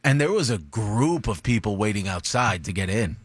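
A man's voice: on the low side, animated, normal speed, breathy edge, no room sound. A male co-host chatting in laid-back, teasing banter. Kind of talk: casual studio banter.

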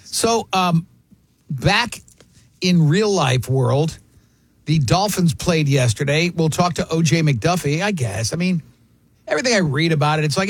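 A man's voice: a little high, animated, unhurried, slightly rough, no room sound. A man hosting a sports radio show, chatting casually and telling rambling, self-deprecating stories.

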